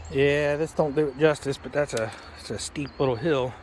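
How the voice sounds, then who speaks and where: A man's voice: medium pitch, normal speed, hardly any pauses, darkish tone. A man chatting casually on a fishing vlog, folksy and jokey, walking by a river with a handheld camera. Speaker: fishing vlogger. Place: outdoors by a river.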